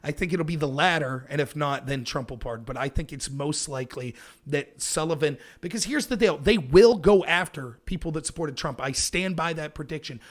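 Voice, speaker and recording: A man's voice: fairly quick, hardly any pauses. An American man hosting a political call-in show, arguing emphatically and mocking opponents. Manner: emphatic, argumentative, mocks opponents in high voices. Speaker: show host.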